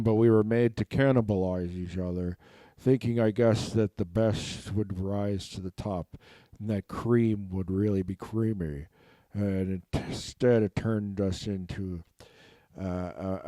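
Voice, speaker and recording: A man playing a rambling male orc who gives a scattered, sidetracked pep talk, shifting into a soft, soothing coaching voice. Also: lowish voice, dry recording, studio quality, lightly acted. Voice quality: meandering, easily sidetracked. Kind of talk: improvised comic monologue.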